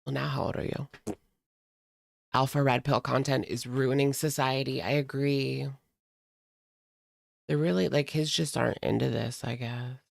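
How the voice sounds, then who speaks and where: A man with a strongly gravelly, fry-laden voice chats casually as a stream host, reading viewer comments and peppering his talk with "like." His voice sits at a middling pitch and sounds dry and close to the mic. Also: steady tone, a little slow, long pauses, no echo. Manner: chatty, frequent "like" fillers, laughs often.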